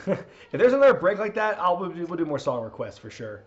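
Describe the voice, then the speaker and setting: A man's voice: sits high, very animated, normal speed, lo-fi sound, a little hiss or hum. A man hosting a live wrestling watch-along stream, chatting casually, laughing, and reading out viewer requests. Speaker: streamer host.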